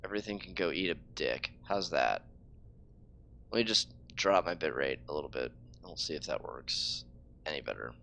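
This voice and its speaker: A man's voice: extremely low pitch, animated, normal speed, vocal fry, sharp tone, a little hiss or hum. A man streaming a game live, ranting in frustration and swearing freely. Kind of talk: casual live-stream talk.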